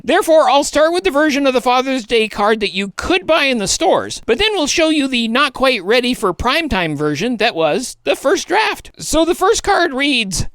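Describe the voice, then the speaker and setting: A woman's voice: a little high, a bit bright, no room sound. A woman voicing an exasperated, sarcastic male bear who hosts a puppet late-night comedy show. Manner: sarcastic, exasperated, sighing asides. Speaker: host.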